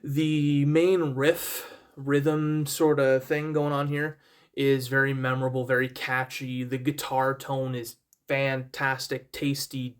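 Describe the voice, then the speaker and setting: A man's voice: mid-range voice, clean tone. A young man casually reviewing an album, rambling and self-deprecating, with many fillers and restarts and repeated praise. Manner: enthusiastic, repeats praise words.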